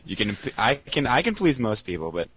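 A man's voice: medium pitch, sing-song, fairly quick, a bit bright, breathy edge, low-quality recording. A young man co-hosting a casual podcast, reading out listener mail in a rambling way and laughing often. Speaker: podcast co-host.

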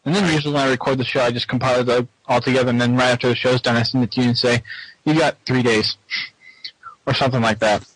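A man's voice: medium pitch, level tone, rapid-fire, hardly any pauses, a bit bright, no echo, rough recording. A man hosting a casual podcast chat, laughing often as he leads the talk. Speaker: podcast host.

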